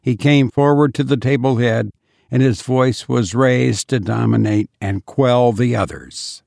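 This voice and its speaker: A man reading a historical adventure audiobook in a measured, dramatic narration style. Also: mid-range voice, gravelly, darkish tone, no room sound, studio quality. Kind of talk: scripted narration.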